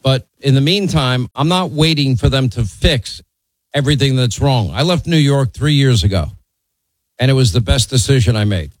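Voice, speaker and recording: A man's voice: medium pitch, lively intonation, normal speed, no room sound, rough recording. A man hosting a call-in talk radio show, talking bluntly and conversationally and teasing his callers.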